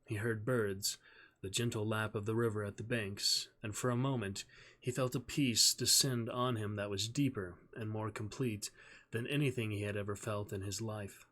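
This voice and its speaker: A man streamer reading a novel aloud in a measured, steady storytelling voice. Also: lowish voice.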